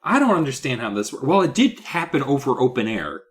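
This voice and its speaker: A man co-hosting a comedy podcast, recapping a children's book and acting out its characters in squeaky voices while swearing casually. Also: sing-song, brisk. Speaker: podcast co-host.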